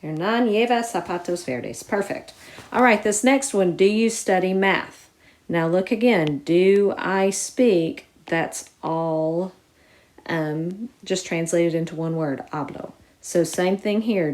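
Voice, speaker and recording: A woman teaching a recorded lesson, explaining each step clearly and putting stress on key words. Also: fairly low pitch, takes it slowly, a little mellow. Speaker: Spanish teacher.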